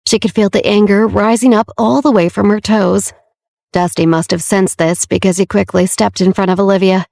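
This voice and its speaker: A woman reading a romance audiobook in steady, scripted narration. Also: medium pitch, normal speed, vocal fry, no echo, clean studio sound.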